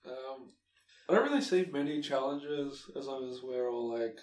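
A man's voice: medium pitch, moderate pace, a little mellow. A man directing a small film project, talking casually in a group chat with lots of fillers. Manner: rambling with many fillers. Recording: echoey room with faint noise.

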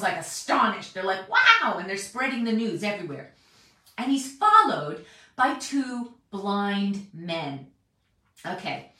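A woman preaching a chatty, animated Bible teaching, often acting out what people say. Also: mid-range voice. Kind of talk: sermon. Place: large echoey room. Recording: very echoey hall, mic distant.

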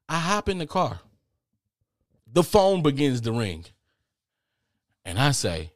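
Animated, profane male storyteller. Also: medium pitch, brisk, long pauses, dry recording, studio quality. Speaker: podcast host. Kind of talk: comedic storytelling.

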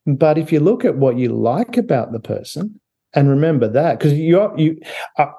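A man's voice: on the high side, big pitch swings, moderate pace, gravelly, dark tone, breathy edge. A man speaking as an author guest on a podcast, chatty, often laughing and restarting his sentences. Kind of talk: casual interview talk.

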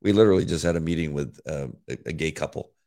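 A man co-hosting a faith podcast in casual chat, with a deep voice. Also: fast, warm tone. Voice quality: deep gravelly voice. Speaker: podcast co-host.

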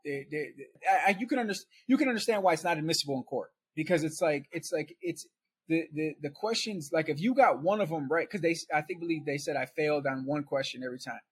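A man's voice: fairly high pitch, quick pace, slightly rough. A man guest on a podcast, telling his story in a casual, conversational way and checking in with "right?".

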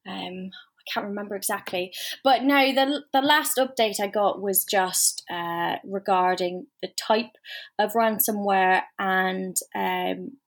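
A woman's voice: mid-range voice, slow pace. A woman who is a guest on a podcast, talking casually and laughing easily. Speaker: podcast guest, ransomware expert.

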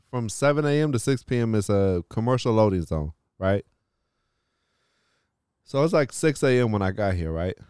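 A man hosting a podcast tells a long story in casual chat, swearing often and saying "like" constantly in an animated way. His voice sits on the low side, clean, with no echo and clean studio sound.

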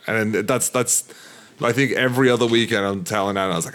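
A man's voice: medium pitch, quick pace, fairly bright tone. A man chatting casually before a tabletop game, rambling through a story, swearing a lot and laughing often.

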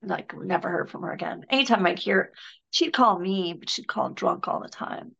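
A woman's voice: lowish voice, expressive, normal speed, gravelly, fairly bright tone, slightly rough, lo-fi sound. A middle-aged woman from Michigan, a podcast guest talking in a loose, rambling way with many fillers and restarts. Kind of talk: casual conversation.

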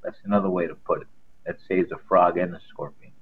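A man's voice: sits low, fairly even intonation, fast, slightly rough. A man co-hosting a casual sports talk show, telling folksy stories and homespun sayings. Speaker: co-host. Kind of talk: casual sports radio chat. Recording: tinny phone-line sound.

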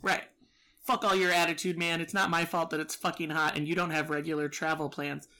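A woman's voice: low-pitched, level tone, brisk, pushed and bright. A woman telling a story in casual chat, profane and exasperated, acting out both sides.

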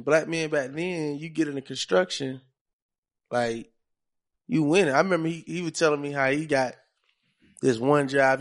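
A man's voice: mid-range voice, vocal fry. A young man hosting a podcast, telling stories in loose, slangy casual chat. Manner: loose, storytelling, heavy slang. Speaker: podcast host.

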